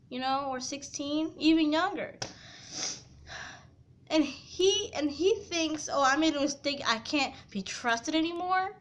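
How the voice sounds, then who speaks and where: A young woman vlogger with a high, fairly bright voice tells a painful personal story to the camera in an emotional storytime confession. She is heartfelt and tearful, and her talk is peppered with "you know".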